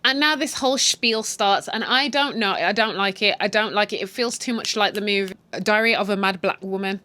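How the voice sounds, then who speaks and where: A woman recapping a TV series in a blunt, animated way, swearing freely. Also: mid-range voice, a little fast, no room sound. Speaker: channel host recapping a TV series. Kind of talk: casual story recap.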